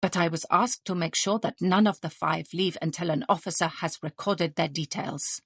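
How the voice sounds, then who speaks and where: A woman's voice: lowish voice, steady tone, husky, dry recording. A woman voicing a willowy, courtly male restaurant manager who speaks in a formal, decorous way. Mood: grave. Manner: formal, decorous, measured speech.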